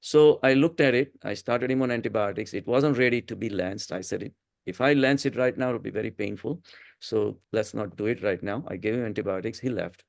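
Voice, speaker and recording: An older man with an Indian English accent tells stories in a relaxed spiritual talk, his voice carrying a gravelly fry. The sound is close and dry, with no room around it. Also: fairly low pitch, fairly quick, no echo. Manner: anecdotal, chuckling storyteller with frequent restarts. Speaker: spiritual talk speaker, physician.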